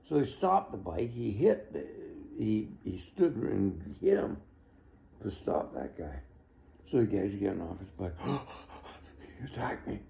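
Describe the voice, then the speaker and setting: A man's voice: sits low, sing-song, a little slow, vocal fry, warm tone. A man in his sixties giving an opinionated, rambling monologue, with chuckles between his complaints. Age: 60s.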